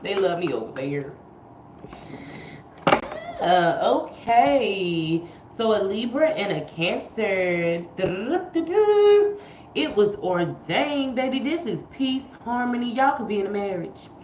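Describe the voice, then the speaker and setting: A woman's voice: medium pitch, animated, moderate pace, hardly any pauses, a little hiss or hum. A woman giving a casual livestream tarot reading, chatty and slangy, repeating her phrases and sometimes half-singing. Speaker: tarot reader. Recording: echoey room, muffled lo-fi sound.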